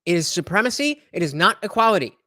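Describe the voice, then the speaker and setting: A male livestream host reacts to clips in a lively, up-and-down voice. His speech is full of hesitations and fillers. The sound is dry and close. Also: high-pitched, fast talker, dry recording. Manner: confused, hesitant, many fillers.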